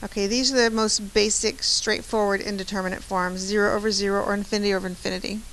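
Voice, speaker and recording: Bright-voiced woman teaching math. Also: medium pitch, fairly even intonation, quick pace, rough recording. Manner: chatty, encouraging, often asks "right?". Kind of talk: classroom lecture.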